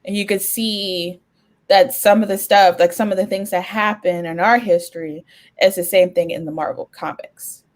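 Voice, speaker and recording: A woman's voice: mid-range voice, fairly even intonation, normal speed. A young woman co-hosting a podcast, chatting casually with restarts and frequent laughter. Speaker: podcast co-host.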